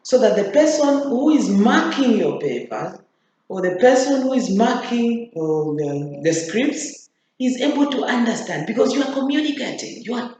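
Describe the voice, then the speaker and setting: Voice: mid-range voice, sing-song, moderate pace, a little mellow. A teacher giving a grammar lesson, repeating key phrases for emphasis and checking in with the students. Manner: addresses students directly with checking questions. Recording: very echoey room, faint noise.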